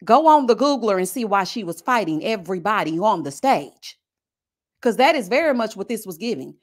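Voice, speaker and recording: A woman's voice: mid-range voice, normal speed. A woman giving a casual, sassy review of a reality TV show, acting out what people said. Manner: sassy, animated, acts out quoted people. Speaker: reality TV commentator.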